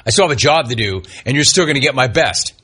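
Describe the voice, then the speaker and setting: A man hosting a sports talk radio show, animated and mocking, with swooping pitch. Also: fast talker, husky.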